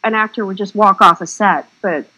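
A woman's voice: medium pitch, fairly quick, bright, forceful tone, low-quality recording. Chatty, salty woman film director. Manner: chatty, rambling, frank and salty. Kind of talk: casual interview storytelling.

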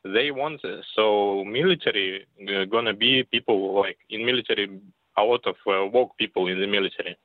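A man's voice: lowish voice, dry recording. Russian-accented man on a phone line. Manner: halting, searching for words. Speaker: caller. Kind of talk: call-in talk radio. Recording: dry tinny phone line.

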